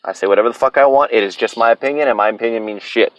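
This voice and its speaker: A man's voice: mid-range voice, rapid-fire, no echo, low-quality recording. Solo podcast host, a man in his thirties, opinionated and profane, with a dry, close sound. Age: 30s. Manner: blunt, profane, opinionated ranting.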